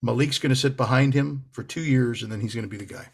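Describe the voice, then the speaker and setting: A man's voice: medium pitch, fast talker, gravelly, breathy edge. A man co-hosting a casual sports podcast, easygoing and laughing often as he makes confident predictions. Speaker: podcast co-host.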